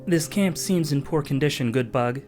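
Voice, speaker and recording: A man's voice: on the high side, moderate pace, darkish tone, soft background music, pitched above the performer's own voice, close to an everyday voice. A man reading out the lines of a concerned female warrior bug in a game.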